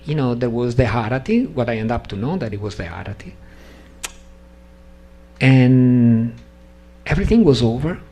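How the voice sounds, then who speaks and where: A man, not a native English speaker, telling a personal story at a devotional gathering, halting and restarting sentences and acting out the dialogue. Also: fairly high pitch, breathy edge. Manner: animated, acts out dialogue in story.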